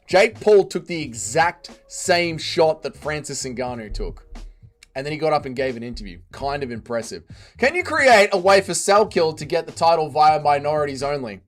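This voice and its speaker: A man's voice: fairly high pitch, very animated, normal speed, soft background music. A man hosting a casual livestream, reading chat aloud, swearing often and laughing readily.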